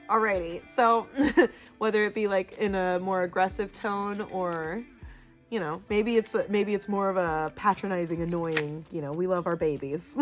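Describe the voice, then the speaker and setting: Chatty, loud woman reading tarot cards. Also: lowish voice, steady tone, moderate pace, faint music behind. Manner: chatty, loud, lots of "you know" and "like". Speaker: tarot reader. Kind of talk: casual pick-a-card reading.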